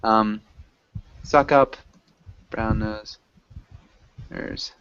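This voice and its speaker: A man's voice: lowish voice, fairly even intonation, drawn-out words, fairly bright tone, clean tone, dry recording. A man teaching an English class, explaining patiently and casually with lots of ums. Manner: patient, loose and chatty, with many ums. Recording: dull lo-fi audio.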